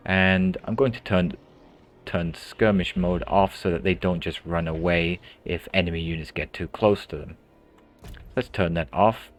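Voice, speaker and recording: A man giving calm, explanatory gameplay commentary as a tutorial host, often repeating a word as he thinks aloud. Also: deep voice, measured pace, slight background noise.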